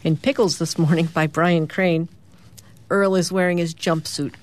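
Lower-voiced woman reading comics on radio. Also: measured pace. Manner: lively storytelling, lifting her voice for characters' lines. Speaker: radio host. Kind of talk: reading newspaper comic strips aloud on morning radio.

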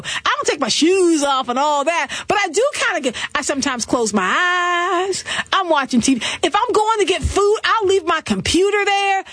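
A woman hosting a talk show, riffing through celebrity gossip with sassy, animated commentary and quick laughs. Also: extremely high pitch, dry recording. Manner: animated, sassy storytelling with laughs and mock voices.

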